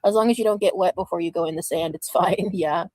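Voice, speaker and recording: A woman's voice: on the low side, quick pace, darkish tone, no echo. Woman, casual streamer chat, loose and laughing, dry close sound.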